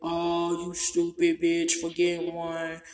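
A woman comedian doing a loud, profane comic rant to an online audience, often breaking into laughter. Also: fairly low pitch, monotone, slow. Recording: roomy echo, distant mic, faint music behind.

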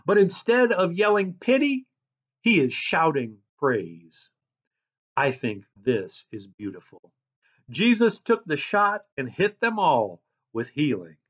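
Animated, unhurried man preaching a sermon. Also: fairly high pitch, dull audio. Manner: animated preaching, calls himself a loud person. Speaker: pastor.

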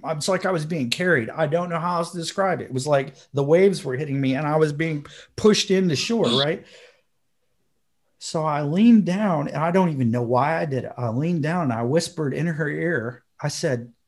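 Animated storytelling man, fairly high voice. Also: normal speed. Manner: animated, acts out quotes with sudden high bursts. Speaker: podcast co-host. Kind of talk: storytelling in casual chat.

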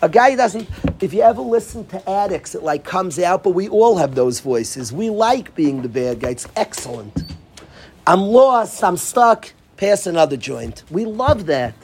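A man giving an informal talk to dorm counselors, animated, acting out quoted voices and often restarting his sentences. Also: high-pitched, normal speed, a little hiss or hum. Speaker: yeshiva speaker addressing dorm counselors.

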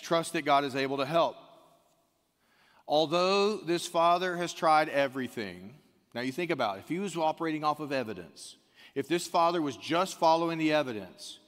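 A man preaching a conversational sermon in a slightly higher register. He drops to quiet, low asides, then rises suddenly to loud, emphatic questions. A long hall reverb trails behind his voice. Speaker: pastor.

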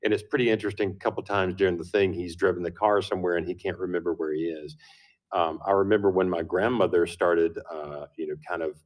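A man hosting a talk radio show, speaking in an unhurried, thoughtful way with frequent pauses. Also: deep voice, steady tone.

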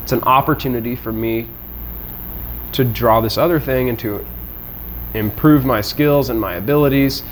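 A man's voice: medium pitch, moderate pace, long pauses. A man in a casual chat, talking earnestly and reflectively, with casual swearing. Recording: faint background noise.

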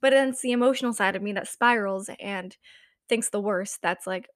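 A woman's voice: mid-range voice, a little fast, no echo. Chatty young woman, dry close sound. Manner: rambling, many "like" fillers, laughs often. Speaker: vlogger. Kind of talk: casual confessional chat.

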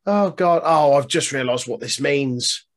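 A man's voice: on the high side, measured pace. A man co-hosting a casual podcast, teasing and mocking his partner. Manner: teasing, banters and mocks. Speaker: podcast co-host. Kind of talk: casual chat.

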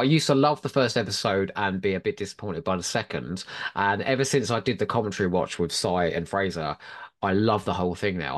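A man co-hosting a podcast, chatting casually, reading listener reviews aloud and laughing often. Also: sits low. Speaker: podcast co-host.

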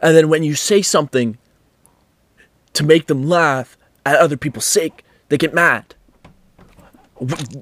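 A man's voice: fairly high pitch, measured pace, pauses often, fairly bright tone. A man hosting a casual podcast, rambling and swearing, with many restarts. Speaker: podcast host.

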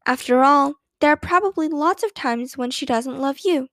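A woman's voice: high voice, normal speed, a bit bright, no echo, clean studio sound. A woman voicing a sensible, good-humored mother in a storybook reading. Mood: fond.

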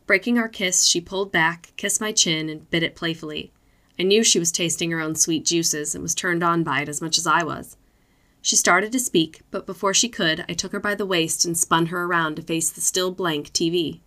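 Bright-voiced woman narrating adult fiction. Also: lowish voice, normal speed. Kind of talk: reading adult fiction aloud.

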